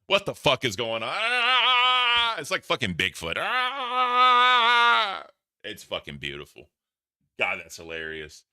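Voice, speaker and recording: A man's voice: deep voice, big pitch swings, a little fast, sharp tone, no room sound, clean studio sound. A man reacting to clips for his stream chat in casual, profane commentary. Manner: profane, laughing, talks to chat.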